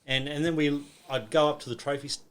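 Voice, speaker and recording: A man's voice: on the high side, fairly even intonation, quick pace, smooth. A middle-aged Australian man telling a story in casual chat, acting out quotes and swearing a lot. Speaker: podcast guest.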